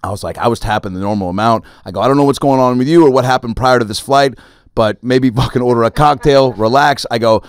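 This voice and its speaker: Brief: male podcast host, quick animated storyteller who acts out voices, dry studio mic. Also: mid-range voice, clean tone, dry recording. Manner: animated, acts out other people in his stories. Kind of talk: casual storytelling chat.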